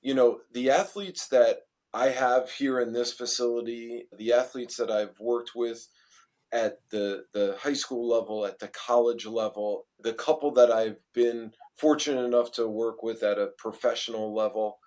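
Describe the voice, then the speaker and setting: A man hosting a podcast who is also a coach, talking thoughtfully in a casual interview with many halting restarts. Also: medium pitch, steady tone, a little mellow.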